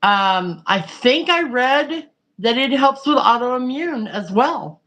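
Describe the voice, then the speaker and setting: Woman, casual chat, frank and rambling, slow pace. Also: high-pitched, lively intonation, a bit bright, poor audio.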